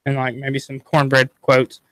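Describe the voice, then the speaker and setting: A man's voice: medium pitch, monotone, normal speed, fairly bright tone, no echo, rough recording. A man co-hosting a sports radio show, chatting casually and laughing often.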